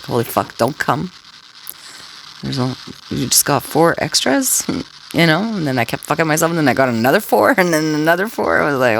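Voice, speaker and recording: A woman talks in a low, gravelly voice full of vocal fry. She rambles in a crude, taunting way, throwing tag questions at her listeners. A faint hiss sits under her voice. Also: low-quality recording. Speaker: scanner livestreamer talking to listeners. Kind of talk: rambling casual monologue.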